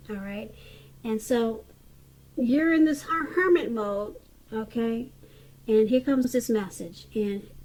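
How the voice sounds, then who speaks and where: Higher-voiced woman giving a chatty tarot reading. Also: darkish tone, low-quality recording. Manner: chatty, restarts often, frequent "okay". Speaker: tarot reader.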